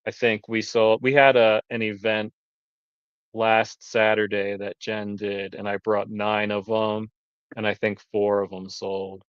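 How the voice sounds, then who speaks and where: A man's voice: fairly low pitch, little pitch movement, measured pace, smooth, no room sound. A man who keeps bees and sells honey, chatting casually on a live stream over a video call, explaining his products in detail. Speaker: beekeeper selling honey. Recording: dull lo-fi stream audio.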